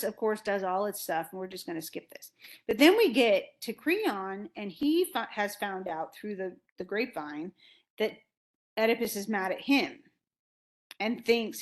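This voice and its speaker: A woman teacher lecturing to a class in a relaxed, conversational way. Her voice sits at an ordinary mid pitch. She paraphrases freely and often restarts her sentences. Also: moderate pace. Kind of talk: casual lecture.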